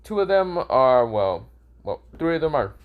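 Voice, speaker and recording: A man's voice: medium pitch, very animated, measured pace, clear, resonant tone, phone-quality sound. A young man improvising a fan story, rambling and correcting himself, swearing casually.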